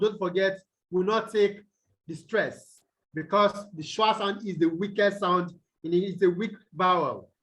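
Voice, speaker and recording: In low-quality audio from a video call, a Nigerian man with a high, fairly bright voice teaches an online English tutorial about stress rules. He questions his students throughout and checks in with "okay?" and "the what?" over and over.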